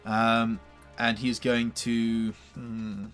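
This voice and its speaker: A man's voice: mid-range voice, monotone, extremely slow, fairly bright tone, faint music behind. A man narrating as game master of a tabletop game, hesitant, with many fillers and restarts.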